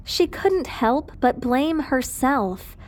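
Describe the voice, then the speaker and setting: A woman narrating a dramatic family story in a scripted, even storytelling delivery. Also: sits high, takes it slowly.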